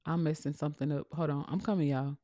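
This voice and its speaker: A woman's voice: low-pitched, fairly even intonation, fast, mellow, no room sound, clean studio sound. A woman, chatting on a livestream as a dog breeder and business coach, preachy and calling out to viewers. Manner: preachy, addresses viewers as y'all. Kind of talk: casual livestream chat.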